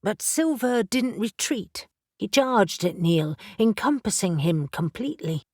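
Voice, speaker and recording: Woman, audiobook narration, steady, slow pace, middle pitch, dry close recording. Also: no room sound.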